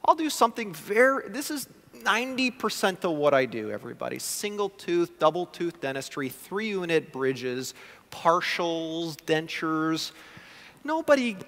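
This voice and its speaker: A male prosthodontist gives a conference talk, his fairly high voice swinging widely as he acts out his patients' words. The delivery is lively and conversational. A long hall reverb trails each phrase. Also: a little slow. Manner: animated, acts out patient quotes. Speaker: guest lecturer, prosthodontist.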